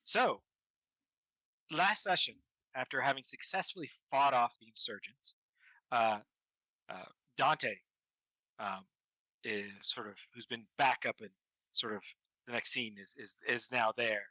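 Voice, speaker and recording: A man running a tabletop game as game master, narrating in a halting way with many ums and restarts. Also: mid-range voice, pushed and bright, no room sound, rough recording.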